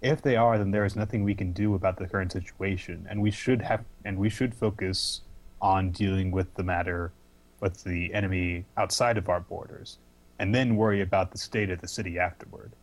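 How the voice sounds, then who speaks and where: A young man playing a tabletop game, speaking in character with formal, measured planning. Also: low-pitched, steady tone. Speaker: player.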